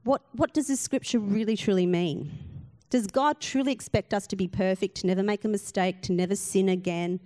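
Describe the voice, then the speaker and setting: A woman's voice: medium pitch, fairly quick, few pauses, mellow. A woman pastor, giving an earnest sermon full of rhetorical questions and emphatic repetition.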